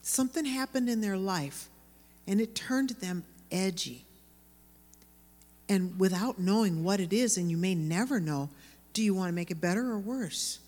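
A woman preaching to a room of women, earnest and lively as she tells stories. Her voice carries a long reverb, as if from a large hall. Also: mid-range voice, normal speed. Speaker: women's Bible teacher. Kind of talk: sermon to women.

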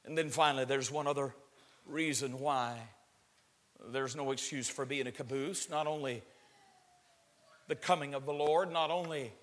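A male preacher delivering a sermon, swinging from low murmurs to shouted, drawn-out climaxes. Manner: stretches words for emphasis. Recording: long hall reverb.

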